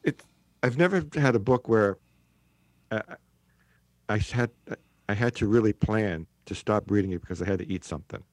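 A man's voice: lowish voice, moderate pace, pauses often, no room sound. A man co-hosting a talk radio show, chatting casually and enthusiastically. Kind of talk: casual chat.

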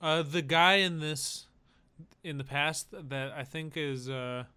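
A man co-hosting a podcast, speaking in casual chat with dry, deadpan humor. His voice is fairly high for a man and very smooth and clear. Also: takes it slowly. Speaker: podcast co-host.

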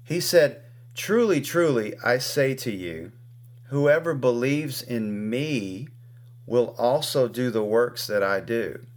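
A man hosting a conversation, teaching on scripture in a measured way with frequent restarts. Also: mid-range voice, animated. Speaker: host.

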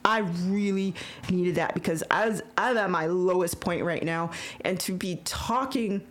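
Excitable woman host stammering through a story. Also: fairly low pitch, normal speed. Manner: excitable, stammering and emotional retelling. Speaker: podcast host. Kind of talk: casual chat.

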